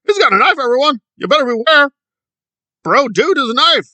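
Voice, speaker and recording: A man mimicking a panicky young man who whines and shouts frantic warnings. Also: extremely high pitch, very animated, fairly quick, no echo, pitched above the performer's own voice, full character voice. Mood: panicked.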